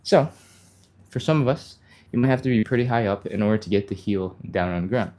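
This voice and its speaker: Man, stretching instructor, live workout, mellow tone, slightly winded, casual and encouraging. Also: lowish voice, brisk. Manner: talks while exercising, breathy exertion sounds and sighs; encouraging, casual, reads viewer comments aloud. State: a little out of breath.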